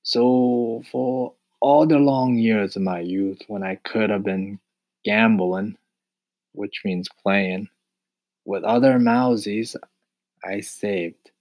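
A man's voice: fairly low pitch, slow pace, voice pushed up. A man voicing a fussy, stingy male mouse in an audiobook, speaking in a theatrical, self-pitying way. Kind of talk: audiobook character voice.

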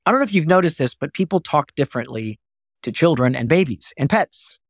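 Animated man coaching voice, lively pitch. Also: fairly quick, vocal fry, no echo, studio quality. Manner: animated, often jumps high to demonstrate. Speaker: voice coach and podcast host. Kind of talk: podcast voice lesson.

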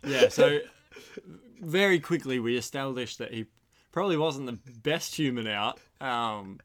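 A man's voice: mid-range voice, expressive, measured pace. A young man talking as a podcast guest in casual chat, telling a story with dry jokes. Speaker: podcast guest, host's roommate. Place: storehouse.

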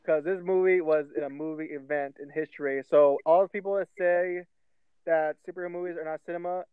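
A man chatting on a podcast who gives blunt, emphatic opinions on films. His voice is smooth and a little high. It comes through a narrow, phone-like line. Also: steady tone, a little fast, no echo. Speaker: podcast co-host. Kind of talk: casual movie chat.

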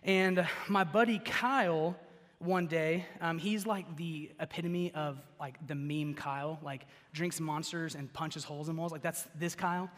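A young pastor preaches an easygoing sermon full of personal stories, his high, bright voice unhurried yet chatty and animated. He rambles, dropping "like" and "okay?" constantly, and the big church sanctuary gives his words a long reverb.

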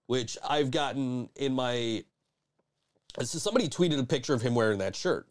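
A man hosting a podcast talks in loose, casual chat at a middle pitch. He swears freely and rambles, restarting his sentences often. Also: animated, moderate pace. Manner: profane, rambling, frequent restarts and laughs. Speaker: podcast host.

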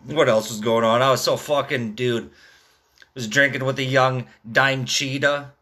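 A man's voice: medium pitch, fairly even intonation, a little slow, pushed and bright. A man in his thirties rambling through a casual, profane rant, tagging his sentences with "dude" and "man.". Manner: rambling, swearing constantly, drawled "dude" and "man" tags.

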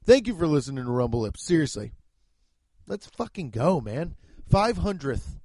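A man hosts his own podcast, swearing freely and rambling from one rant to the next. His voice sits a little high for a man and sounds dry and close to the mic. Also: big pitch swings, normal speed, a little mellow, dry recording. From United States. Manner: profane, rambling, ranting. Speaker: podcast host. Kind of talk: solo comedic podcast rant.

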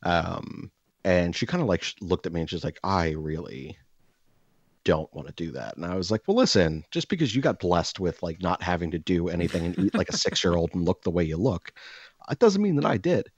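A man hosting a podcast, telling a long casual story full of "like" fillers and crude jokes, jumping up in pitch when he acts out quoted lines. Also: fairly quick, slightly rough, dry recording. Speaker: podcast host. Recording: dry, slightly dull podcast mic.

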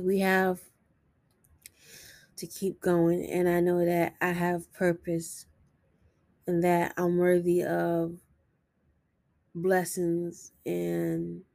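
A woman talking to camera in an earnest, self-encouraging and sometimes halting way in a personal confessional vlog. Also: on the low side, gravelly, warm tone, no room sound. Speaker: vlogger.

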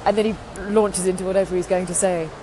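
A woman's voice: on the low side, steady tone, fast talker. A woman from England, chatting casually on her podcast in a rambling way with frequent restarts. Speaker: podcast host. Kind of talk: casual chat. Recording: noisy background.

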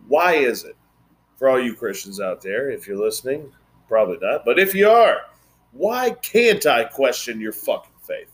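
A man's voice: mid-range voice, very animated, normal speed, faint music behind. A man hosting a casual podcast chat, blunt and rambling, swearing freely. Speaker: podcast host.

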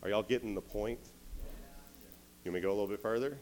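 A man's voice: on the low side, fairly even intonation, quick pace, pauses often, darkish tone. A young man giving a youth sermon, telling a story playfully and speaking directly to the crowd.

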